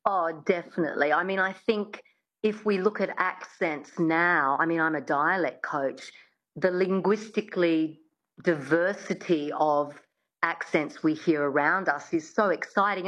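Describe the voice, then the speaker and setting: A woman dialect coach talks on a radio program with quick enthusiasm, circling back and restarting her phrases. Her voice sits a little low and comes through a dull, muffled line. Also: fairly bright tone. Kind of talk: radio interview guest.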